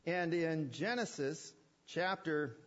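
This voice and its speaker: A man's voice: fairly high pitch, slow. A man preaching a sermon with emphatic repetition and rhetorical questions. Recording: dull lo-fi sermon recording.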